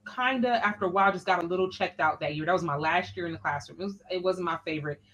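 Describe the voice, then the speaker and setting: A woman, an education scholar, telling a personal story as a podcast guest in an animated, expressive, colloquial way. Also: fairly low pitch, fast, lo-fi sound.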